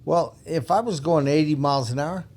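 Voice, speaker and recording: A man's voice: on the high side, a little fast, darkish tone. An older man, a retired police officer, telling stories in a blunt, emphatic way with frequent laughs on a podcast microphone. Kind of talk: casual storytelling.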